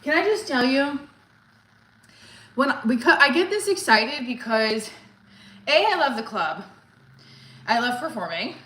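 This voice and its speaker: Bright, chatty woman comedian. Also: high voice, unhurried, pauses often, roomy sound, low-quality recording. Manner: chatty, excitable, swears casually. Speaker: stand-up comedian. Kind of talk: casual livestream chat.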